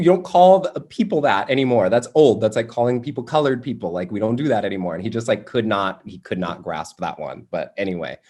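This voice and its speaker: A young adult man teaching a workshop, telling a family story in a loose, animated way with many fillers like "you know" and "like". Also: on the low side, breathy edge. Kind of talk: personal storytelling in a workshop talk.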